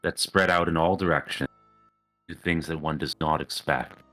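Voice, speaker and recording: A man voicing a composed, aloof woman sage in a tower, measured and faintly condescending. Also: a bass voice, steady tone, sharp tone, faint music behind.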